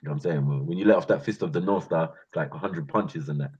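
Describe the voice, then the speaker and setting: A man telling boastful street stories in a casual, slangy, animated vlog. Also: rumbling low, quick pace, breathy edge. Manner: animated, slangy, boastful, breaks into laughs and sound effects. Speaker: channel host. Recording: muffled lo-fi sound.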